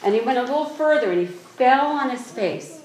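A woman preaching a sermon, reading scripture aloud slowly and exhorting her congregation earnestly. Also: high-pitched, animated, darkish tone. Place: church. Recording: echoey room with faint noise.

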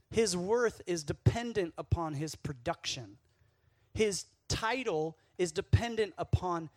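Animated man preaching to a youth camp. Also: high voice, no room sound, clean studio sound. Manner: energetic, jokey storytelling with asides to the audience. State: sweating, worked up. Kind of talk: casual youth sermon.

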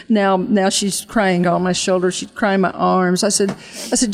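A woman ministry leader telling an emotional testimony and leading an altar call, speaking earnestly with halting restarts and a fervent preaching cadence that slows for emphasis. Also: medium pitch, flat delivery.

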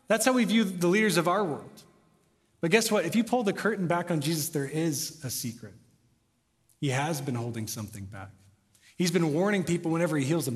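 A young American pastor preaches a sermon in a hall with long reverb, his voice sitting high and fairly bright with lively intonation. He speaks briskly, starting off conversational before rising to passionate emphasis.

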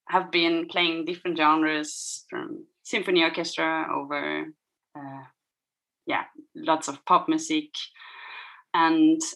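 A woman's voice: on the low side, fairly bright tone, rough recording. A woman from Germany, a violinist answering interview questions while searching for her words. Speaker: violinist guest.

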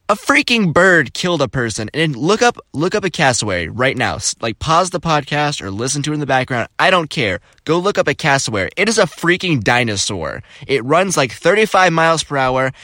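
A young man from Florida hosting a podcast, telling casual stories in an animated, jokey, exclamatory way. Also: fairly high pitch, no echo, clean studio sound. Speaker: podcast host. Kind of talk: casual storytelling.

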